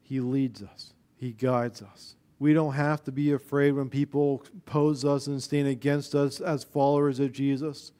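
A man preaching a sermon as pastor, rising to loud emphatic passages and dropping to quiet, low stretches. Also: level tone, unhurried, few pauses.

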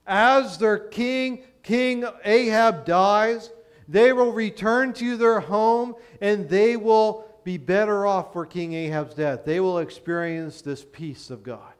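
A man's voice: high voice, takes it slowly, clean tone. A man from Pennsylvania preaching a sermon in a conversational way, explaining with rhetorical questions.

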